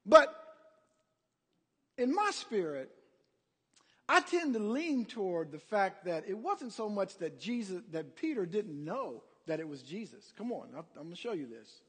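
A male preacher delivering an animated sermon, calling out to the congregation. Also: high-pitched, unhurried, breathy edge. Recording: long hall reverb.

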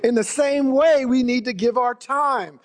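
A little slow and very high-voiced, a male pastor gives an emphatic sermon in a church sanctuary, repeating his key phrases for weight. Long large-hall reverb colors the recording.

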